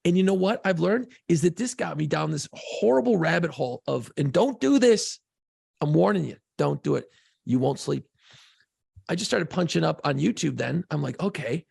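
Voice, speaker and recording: A man co-hosting a podcast, telling a profane, excitable story in casual chat. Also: a little high, dry recording, clean studio sound. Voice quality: gravelly, husky voice. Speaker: podcast co-host.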